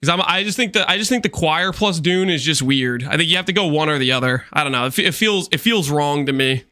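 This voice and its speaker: A man streaming a game, chatting with viewers in an animated, teasing way with quick asides. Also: on the high side, clear, resonant tone. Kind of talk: livestream chat with viewers.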